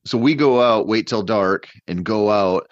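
A man with a fairly low voice, a hunter appearing as a podcast guest, tells a long story in a loose, rambling chat. He's animated yet unhurried, full of fillers and restarts. The mic sounds dull and dry, with no room sound.

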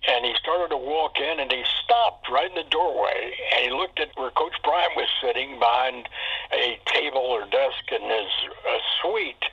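A man's voice: medium pitch, a little slow, bright, forceful tone, breathy edge. A man who is a sportswriter tells an anecdote in an interview, acting out the dialogue as he goes. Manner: storyteller who acts out dialogue. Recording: dull lo-fi interview audio.

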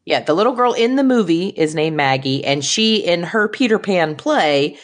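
A woman co-hosting a casual movie review podcast, animated and acting out lines from the film in jumpy voices. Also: lowish voice, moderate pace. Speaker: podcast co-host.

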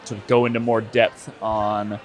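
A man's voice: fairly low pitch, level tone, a little slow. A man hosting a podcast in a casual, joking, conversational way, recorded in a tavern. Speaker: podcast host.

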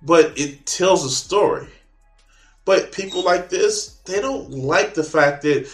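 A man's voice: high-pitched, slow pace, soft background music. A man hosting a reaction video, ranting casually with mocking sarcasm and a lot of swearing. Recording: echoey room.

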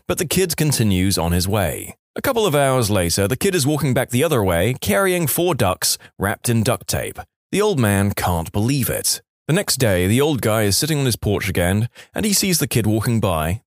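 Male comedy host reading jokes, very animated, dry close mic. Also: medium pitch, normal speed, few pauses, no room sound. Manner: animated storyteller, punchline delivery. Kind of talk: comedic joke narration.

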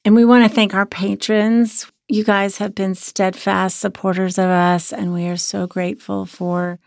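A hoarse woman co-hosting a podcast as a sex therapist, talking in an earnest, reflective way. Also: mid-range voice, flat delivery, a little slow, a little mellow, no echo, clean studio sound. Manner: earnest, reflective, many restarts. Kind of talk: casual podcast chat.

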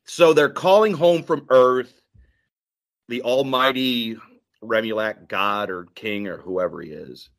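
A man hosting a podcast in casual chat, animated and quoting scenes in voices. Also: mid-range voice, takes it slowly. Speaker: podcast host.

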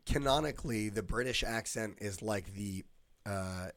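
A man's voice: fairly low pitch, unhurried, fairly bright tone, no echo. A man co-hosting a podcast, chatting casually and explaining things with many fillers. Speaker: podcast co-host. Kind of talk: casual chat.

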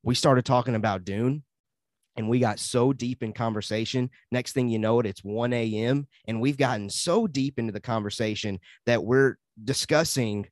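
A man's voice: medium pitch, normal speed, dry recording, studio quality. A young adult man co-hosting a podcast, chatting casually and enthusiastically, rambling and laughing often. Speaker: podcast co-host. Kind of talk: casual chat.

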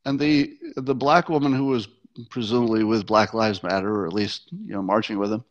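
A man's voice: mid-range voice, normal speed, highs cut off. A man hosting a solo commentary show, talking in a conversational, wry way with frequent restarts and short laughs.

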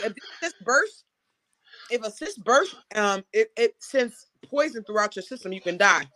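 A woman hosts a casual talk show and tells a personal story frankly, with plenty of animation. Her voice is bright and crisp, and it is recorded close and dry, with no room sound. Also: mid-range voice, dry recording. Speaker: host.

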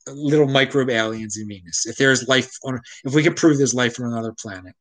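Speaking at a normal speed in a mid-range, fairly bright voice, this show host from around Baltimore vents his opinions in an offhand, irritated monologue. He keeps breaking off and starting over, and the audio quality is poor.

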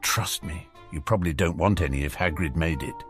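A man voicing a calm teenage boy wizard with a dry, matter-of-fact delivery. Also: lowish voice, fairly quick, soft background music.

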